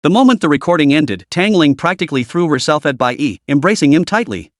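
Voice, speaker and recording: A man narrating a web novel in an expressive storytelling style. His voice sits a little high and swings widely in pitch. The recording is dry and close. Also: quick pace, hardly any pauses, no echo.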